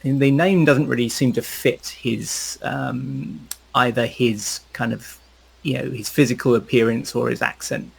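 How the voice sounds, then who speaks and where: A man's voice: medium pitch, fairly even intonation, unhurried, vocal fry, breathy edge. A man narrating a tabletop game as game master, rambling with fillers.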